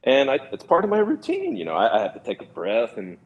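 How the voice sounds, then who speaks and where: A man in his thirties from California, a former pitcher telling stories in an easygoing interview, with many fillers and restarts. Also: wildly swooping pitch, fast talker, husky, lo-fi sound. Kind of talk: relaxed storytelling interview.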